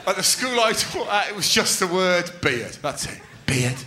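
A middle-aged man telling stand-up stories, sweary and animated, often laughing. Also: high-pitched, normal speed, roomy sound, heavy background noise. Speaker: stand-up comedian. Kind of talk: stand-up storytelling.

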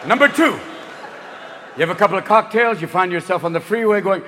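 A man's voice: high-pitched, pushed and bright, in a large hall, a little hiss or hum. A man in his fifties performing a profane, manic stand-up comedy routine on stage. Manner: manic, profane, rapid shifts into voices. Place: stage before a live audience.

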